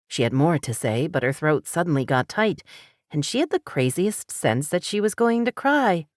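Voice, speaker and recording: Woman reading an audiobook, low voice, steady and even, super dry recording. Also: no echo. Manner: measured, even storytelling. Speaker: audiobook narrator. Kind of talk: scripted narration.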